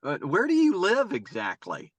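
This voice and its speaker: A man's voice: high-pitched, wildly swooping pitch, moderate pace, no room sound. A middle-aged man from North Carolina, a youth baseball coach, answering interview questions in long, rambling stories and often repeating his words. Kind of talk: casual interview storytelling.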